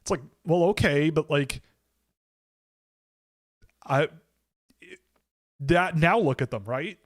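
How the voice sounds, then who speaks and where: A man with a slightly higher voice talks through a casual live stream in a loose, rambling way. He stops and restarts often and fills the gaps with "like" and "um". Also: takes it slowly. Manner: rambling, self-correcting, many fillers. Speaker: hockey draft analyst hosting a live stream.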